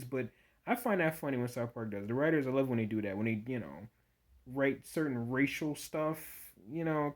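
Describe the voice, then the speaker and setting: A man giving a casual, rambling spoken review of a TV episode, full of "you know" fillers and restarts. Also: mid-range voice.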